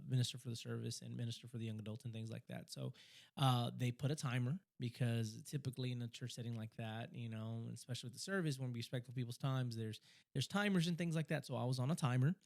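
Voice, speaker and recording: A young man co-hosting a podcast, telling a story in a casual chat, talking fast and excitedly, stumbling over and repeating words. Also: mid-range voice, creaky. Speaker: podcast co-host.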